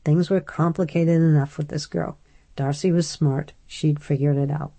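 A woman narrating an audiobook in a steady storytelling manner. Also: low-pitched, moderate pace, vocal fry.

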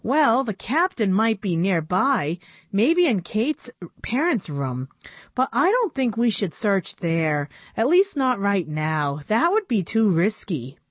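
A sensible young girl doll speaks firmly in a storybook reading, voiced by a woman. Her lines rise and fall with lively pitch. The sound is dry and close. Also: slow, no echo. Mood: determined. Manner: firm, takes charge.

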